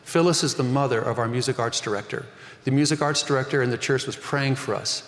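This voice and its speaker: A man's voice: medium pitch, fast, fairly bright tone. Male pastor, 50s, earnest sermon storyteller; reverberant hall recording. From Northern California. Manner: earnest storytelling preacher, rising emphasis.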